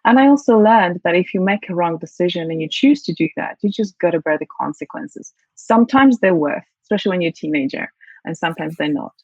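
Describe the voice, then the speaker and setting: A Polish-born woman with a British accent, speaking in a lowish voice as a guest on a video call from home. She sounds warm and reflective and often restarts her phrases mid-thought. The audio is dull and very dry. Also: expressive, fast talker, no room sound. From Poland. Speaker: guest, CEO and leadership coach. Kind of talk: casual interview chat.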